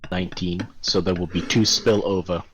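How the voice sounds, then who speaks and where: A man's voice: low-pitched, steady tone, normal speed, a bit bright, a little hiss or hum. A man in a casual voice chat, organising squads and teasing the others dryly.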